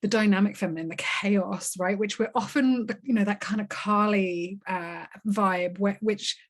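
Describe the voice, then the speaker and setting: A woman with a mid-range voice hosts a relaxed conversational interview. She reflects on her guest's words and offers soft murmurs of agreement. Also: medium pitch, unhurried. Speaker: podcast host.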